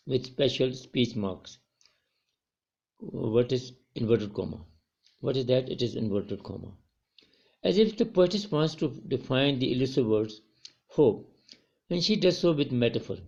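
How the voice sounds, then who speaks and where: A man's voice: medium pitch, expressive, a little slow, darkish tone. A male college English teacher giving a recorded poetry lecture to students, often repeating and correcting his words as he explains.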